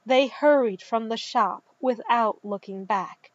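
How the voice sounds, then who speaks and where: Calm woman narrator, slow measured reading, dull dry recording. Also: on the high side. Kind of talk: scripted narration.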